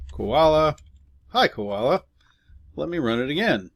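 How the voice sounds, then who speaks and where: A man's voice: fairly high pitch, big pitch swings, unhurried. A man teaching a casual programming lesson, explaining step by step with fillers and offhand asides while typing. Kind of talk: casual screen-recorded coding lesson.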